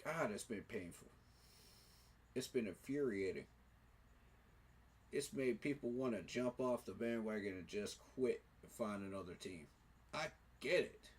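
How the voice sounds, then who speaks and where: A man's voice: on the low side, a little slow, pauses often, breathy edge. A man giving an emotional, preacher-like fan monologue, repeating his phrases for emphasis. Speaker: sports fan commentator.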